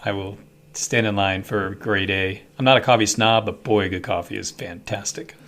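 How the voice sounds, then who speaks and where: Male co-host, easygoing anecdote teller, low register. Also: steady tone, moderate pace, a bit bright. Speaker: podcast co-host. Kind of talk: casual chat.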